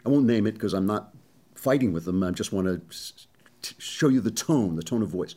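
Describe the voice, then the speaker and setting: Animated male political commentator. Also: lowish voice, fairly quick. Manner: animated, sarcastic, conversational. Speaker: talk show host.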